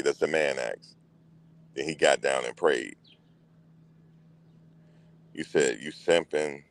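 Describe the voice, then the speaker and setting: Deep-voiced man chatting on a livestream. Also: a little slow, pauses often. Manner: animated, talks back to chat, mock-quotes others. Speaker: livestream host. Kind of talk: casual livestream chat.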